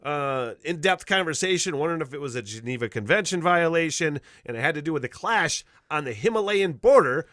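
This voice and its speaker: A man's voice: fairly high pitch, expressive, a little fast, hardly any pauses, a bit bright, no echo, clean studio sound. A man hosting a radio show, chatting casually and rambling with lots of fillers. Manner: rambling, laughs easily, many "uh" fillers.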